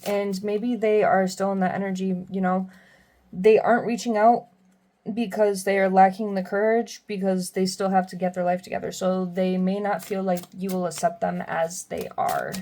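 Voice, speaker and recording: A young woman giving a casual tarot reading, chatty and quick to laugh as she reads the card messages aloud. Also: medium pitch, level tone, warm tone. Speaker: tarot reader.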